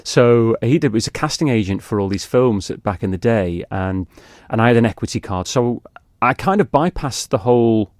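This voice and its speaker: A man's voice: mid-range voice, lively intonation, normal speed, hardly any pauses, darkish tone, dry recording, clean studio sound. A middle-aged man from the Isle of Man, an actor guest telling chatty, self-mocking anecdotes in a radio interview. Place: radio studio.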